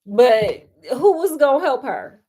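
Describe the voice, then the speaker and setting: A woman with a somewhat high voice tells a movie story as casual chat. She talks sassily and drops in "honey" and "child" as she goes. She sounds like she is crafting at home while she talks. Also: big pitch swings, slow pace, mellow, slightly rough. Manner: chatty and sassy, peppered with "honey" and "child".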